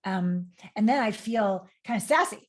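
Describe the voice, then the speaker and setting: A woman's voice: mid-range voice, animated, normal speed. A woman in casual podcast conversation as a guest, talking openly and expressively and swearing casually. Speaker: guest, intimacy expert.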